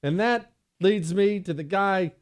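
A man's voice: high-pitched, a little slow, clean tone, no room sound. A man hosting a talk radio show, delivering a monologue with emphatic repeated phrases and joking asides to a co-host.

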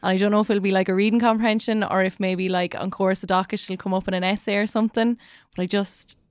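Chatting fast on a podcast, this young teacher with an Irish accent scatters "like" throughout her talk. Her medium-pitched voice is smooth and flat in delivery, and the recording has no room sound.

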